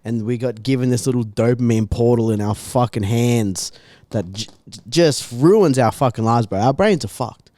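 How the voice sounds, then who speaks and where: A man's voice: medium pitch, moderate pace, dry recording. A young Australian man co-hosting a podcast, telling stories in a loose, sweary, laughing way. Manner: animated storyteller, swears a lot, laughs often. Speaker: podcast co-host. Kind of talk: casual chat.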